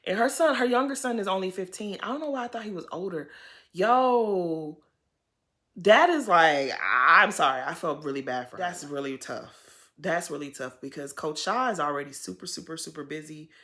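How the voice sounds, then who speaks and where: A woman recaps a reality show with a lively voice that swoops widely in pitch. She is sympathetic and expressive and speaks directly to the people on screen. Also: moderate pace. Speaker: TV recap host. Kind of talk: casual reality-TV recap commentary.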